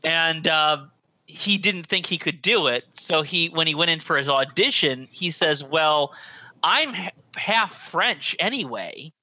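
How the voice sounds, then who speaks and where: A man co-hosting a casual movie review podcast, telling an animated story and laughing a lot. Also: a little high, measured pace, rough recording. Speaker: podcast co-host.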